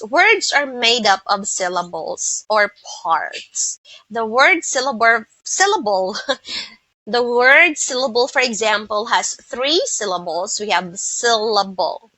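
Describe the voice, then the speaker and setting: A Filipino woman teaching English pronunciation, who speaks slowly and repeats words so listeners can copy them. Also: on the high side, bright, forceful tone, dry recording, low-quality recording. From Philippines. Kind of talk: pronunciation lesson.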